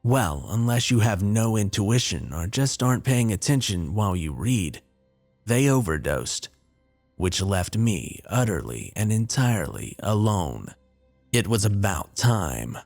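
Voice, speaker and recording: Dude telling a spooky story, low voice, pitch swinging around a lot, kinda wry and dry. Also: male voice, very animated, unhurried, gravelly, a little mellow. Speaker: narrator. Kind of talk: scripted horror story narration. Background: faint music.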